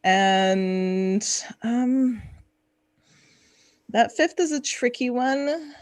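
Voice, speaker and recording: A woman's voice: a little high, expressive, drawn-out words, darkish tone, no echo, clean studio sound. A woman chatting playfully on a live gaming stream and laughing often while she answers questions. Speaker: guest streamer from a gaming channel. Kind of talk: casual stream chat.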